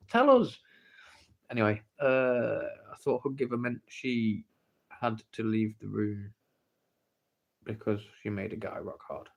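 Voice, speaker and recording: An English man hosting a casual livestream, reading the chat and playfully pestering viewers for the story. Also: on the high side. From England. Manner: playful, teasing, pleading for the story. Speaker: livestream host. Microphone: phone.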